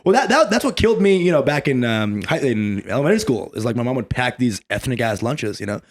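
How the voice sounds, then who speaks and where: A man co-hosting a comedy podcast, telling animated, profane stories and laughing often. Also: mid-range voice, fast. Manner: animated storyteller, laughs often, swears freely. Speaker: podcast co-host. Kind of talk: casual comedic chat.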